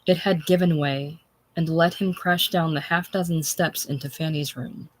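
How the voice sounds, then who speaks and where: A narrator reading a classic novel aloud in a plain, unhurried manner. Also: mid-range voice, fairly even intonation, dry recording. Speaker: audiobook narrator.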